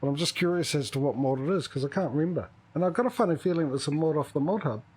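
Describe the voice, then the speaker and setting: A man streaming a multiplayer farming game, chatting casually and thinking out loud as he plays. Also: a little high, racing, husky, poor audio. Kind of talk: casual gaming chat.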